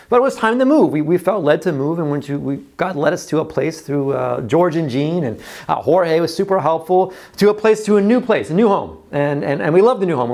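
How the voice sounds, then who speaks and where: A man's voice: high voice, darkish tone. A man preaching a sermon in a conversational way, often repeating words as he talks. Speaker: pastor.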